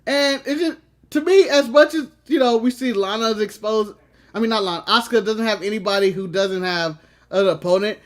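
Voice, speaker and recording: A man with a notably high voice co-hosts a casual wrestling podcast. He chats in an animated way, laughing often and acting out quotes as he tells stories. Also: a little fast. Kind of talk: casual chat.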